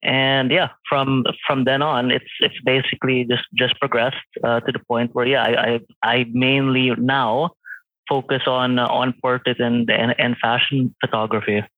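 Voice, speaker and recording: This photographer guest, a man in his late twenties, speaks at a normal speed in a flat, mid-range voice, rambling through a casual interview with plenty of fillers and false starts. There's no echo, but the audio has the thin sound of a phone call.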